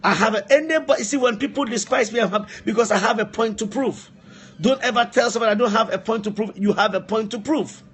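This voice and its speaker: A man's voice: sits high, quick pace, a bit bright, slight background noise. A man preaching a live-streamed sermon, repeating phrases for emphasis and breaking off to speak to helpers. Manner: repetitive, emphatic exhortation, asides to helpers.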